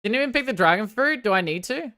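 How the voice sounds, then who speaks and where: A woman livestreaming a game, chatting with her viewers and swinging from excited outbursts to sheepish apologies. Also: a little high, quick pace, no echo, studio quality. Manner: banters with chat, swears casually. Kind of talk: casual gaming livestream chat.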